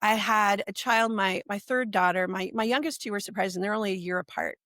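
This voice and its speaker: A woman in her forties, a podcast guest, telling her personal story in a lively way and acting out what people said. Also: mid-range voice, fairly quick, no room sound, studio quality. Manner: animated, acts out quoted speech.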